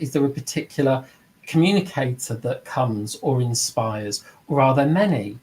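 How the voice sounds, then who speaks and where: A middle-aged man leads an informal spoken lesson on mediumship. His delivery is earnest and reflective, and his pitch sits in the middle range. He briefly takes on other voices when he quotes people. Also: lively intonation, normal speed, a little mellow, poor audio. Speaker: mediumship teacher.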